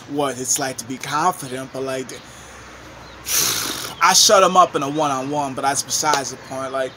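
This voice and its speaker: A young man vlogging, telling a rambling story in a casual, animated way and swearing freely. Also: mid-range voice, background noise. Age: young adult.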